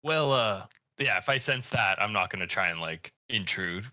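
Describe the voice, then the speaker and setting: A man at a tabletop game with a low voice and a very bright, tense edge. The sound is dry and close. He talks offhand and hesitant. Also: animated, moderate pace, no room sound, muffled recording. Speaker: player. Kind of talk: casual tabletop play.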